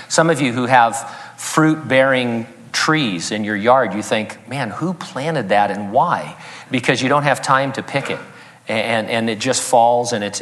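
A man's voice: medium pitch, fairly bright tone, big-room sound. A man preaching a sermon as pastor, breaking in with joking asides and chuckling at his own jokes. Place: church sanctuary.

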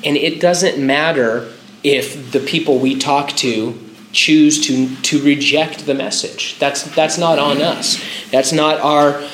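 A man's voice: on the high side, fairly bright tone, reverberant, slight background noise, poor audio. A pastor preaching a conversational sermon, stopping to restart his phrases and using filler words.

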